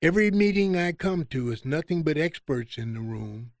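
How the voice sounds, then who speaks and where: Animated man telling lively stories. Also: a little high, normal speed, dry recording, studio quality. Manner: animated, acts out quoted exchanges in a raised voice. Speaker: guest. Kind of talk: conversational storytelling.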